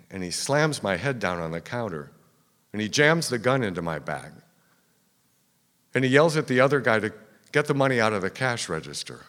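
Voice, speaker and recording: A man's voice: fairly low pitch, fairly bright tone. A man telling a true story to a live audience, dramatic and first-person. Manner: dramatic first-person telling, drops to a whisper at tense moments. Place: stage in a theater. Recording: long reverb of a live theater hall.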